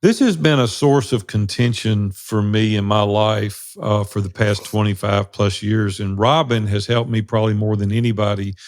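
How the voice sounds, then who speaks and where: A man's voice: fairly low pitch, fairly even intonation, moderate pace, few pauses. Blunt, direct middle-aged man. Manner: blunt, direct, plain-spoken. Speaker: podcast co-host. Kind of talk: casual conversation.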